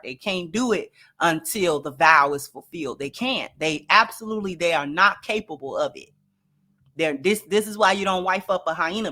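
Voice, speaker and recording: A woman hosts an opinionated commentary show, speaking emphatically and repeating lines for effect. Her medium-pitched voice is bright and forceful.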